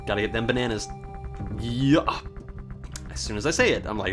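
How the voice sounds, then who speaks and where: Gamer guy narrating his playthrough, sarcastic and swearing, pitch all over the place, faint game music under him. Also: expressive, moderate pace. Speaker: let's play host. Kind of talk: casual gameplay commentary.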